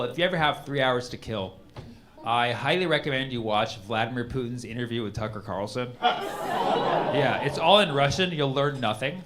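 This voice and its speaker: A man's voice: medium pitch, a bit bright, slight background noise. Rambling stand-up comic man. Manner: rambling, conversational, frequent restarts. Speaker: stand-up comedian. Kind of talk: stand-up set.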